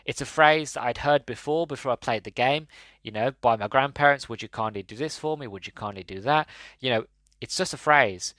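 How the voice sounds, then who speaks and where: A man's voice: mid-range voice, fairly bright tone, no room sound. A man hosting a podcast, talking casually and enthusiastically about a game, rambling with many restarts. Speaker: podcast host. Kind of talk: casual solo game-review talk.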